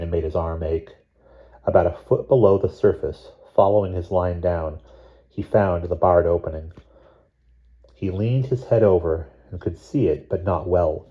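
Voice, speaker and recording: A man reading a novel chapter aloud in a measured, steady narration. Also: low-pitched, dull audio. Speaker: audiobook reader. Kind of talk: scripted narration.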